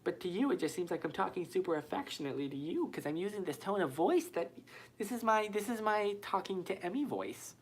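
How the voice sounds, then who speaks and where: His voice is high-pitched with lively intonation, a little fast and breathy at the edges. He's livestreaming casually from a small room with white walls, reading viewers' comments into a phone while chatting and poking fun at himself.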